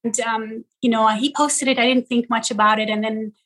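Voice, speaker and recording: Woman, from Iran, middle-aged, husky, bright tone, animated interview chat. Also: on the high side, rough recording. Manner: animated, talks in quick bursts and often checks in with "right?". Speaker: social media content creator, guest.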